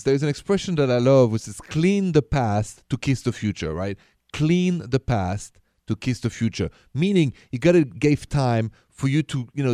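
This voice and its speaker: A man hosts a call-in dating advice show on the radio, talking in a chatty, coaching way. His voice is mellow and dark, and it sounds close and dry in the studio with no room around it. He likes to repeat his main points. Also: mid-range voice, no echo.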